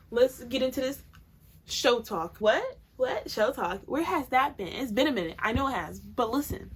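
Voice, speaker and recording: A woman's voice: high voice, poor audio. Blunt, chatty woman podcast host. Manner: chatty, blunt, profane gossip. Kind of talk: casual solo podcast chat.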